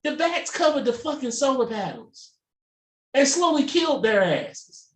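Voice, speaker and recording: An animated storyteller whose pitch swings all over the place as he jumps into quoted voices. He is recorded a little off mic in a roomy space with echo. His talk is loose, fast and full of swearing. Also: recorded from a distance, slight background noise. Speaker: podcast co-host. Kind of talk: casual chat.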